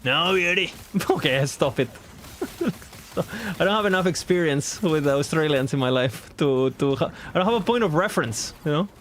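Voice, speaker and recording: A rambling, self-mocking man talks his way through a game on a casual live stream, his voice sitting a touch higher than most men's. He chats loosely with his viewers as host and breaks into laughter at his own jokes. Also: animated, moderate pace, a little hiss or hum. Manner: rambling, chatty, laughs at himself.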